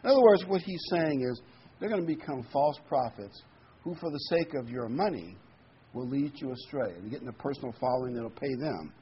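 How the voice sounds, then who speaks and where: Guy preaching, chatty sermon, slows way down on bible verses, muffled recording. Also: medium pitch, animated. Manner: conversational, reads scripture slowly with emphasis. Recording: dull lo-fi recording with faint noise.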